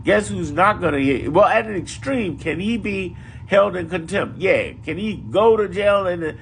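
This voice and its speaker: A man's voice: sits high, lively intonation, normal speed, gravelly, a bit bright, slight background noise. A man giving casual political commentary, emphatic and profane, repeating his points for effect.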